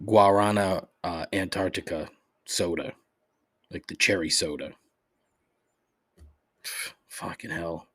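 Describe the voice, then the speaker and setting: A man's voice: fairly low pitch, fairly bright tone, husky. A man hosting a solo podcast, reading off a menu and ranting with plenty of swearing. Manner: profane, exasperated ranting. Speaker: podcast host. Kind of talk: solo comedic complaint podcast.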